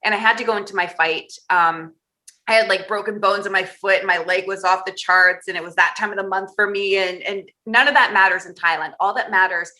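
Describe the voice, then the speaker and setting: A woman talks as a podcast guest, her tone bright and forceful. She tells her story candidly and with energy, and she laughs her way through the rough parts. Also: medium pitch. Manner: candid, animated storyteller who laughs through hard memories.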